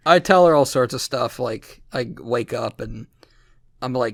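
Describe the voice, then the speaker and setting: A male podcast host with a gravelly, fry-heavy voice who tells loose, rambling stories, swears casually and often restarts his sentences. His pitch sits in the middle range. He is recorded close and dry on a podcast mic. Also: a little fast, fairly bright tone, no echo. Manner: rambling, profane storytelling with frequent restarts.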